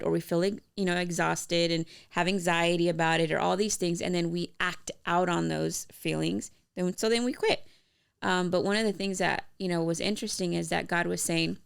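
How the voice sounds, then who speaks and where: A woman with a heavily gravelly yet smooth, resonant voice, pitched a little low. She co-hosts a casual faith-based podcast chat and talks in a rambling way, full of fillers and restarts. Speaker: podcast co-host.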